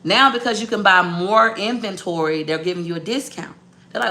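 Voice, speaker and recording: Gravelly, bright-voiced woman telling a story. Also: lowish voice, quick pace. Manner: blunt, profane, animated storyteller. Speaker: business owner. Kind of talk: casual storytelling to viewers.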